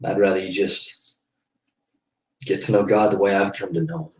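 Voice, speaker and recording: A man's voice: deep voice, level tone, normal speed, distant mic. A man hosting a live web broadcast, telling a personal story in a loose, rambling way, often sighing and laughing between thoughts. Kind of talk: casual faith-based monologue. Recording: roomy echo, voice off the mic.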